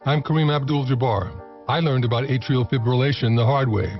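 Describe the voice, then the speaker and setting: A man's voice: medium pitch, brisk, lo-fi sound, faint music behind. Earnest male ad testimonial. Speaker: ad spokesperson. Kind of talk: scripted radio ad read.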